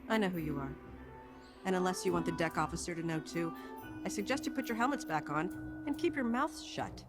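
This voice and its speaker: A woman voicing Princess Leia, crisply commanding. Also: on the low side, expressive, a little fast, music in the background, close to an everyday voice. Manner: crisp, authoritative, dryly confident.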